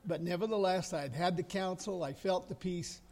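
An older man telling a personal story in an earnest, gently humorous way. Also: high voice, moderate pace. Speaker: speaker sharing a personal story. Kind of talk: storytelling talk.

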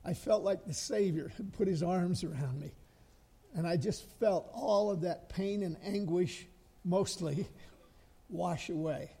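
An older man telling a personal story in an earnest, gently humorous way. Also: high-pitched, unhurried, slightly rough. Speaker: speaker sharing a personal story. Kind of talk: storytelling talk.

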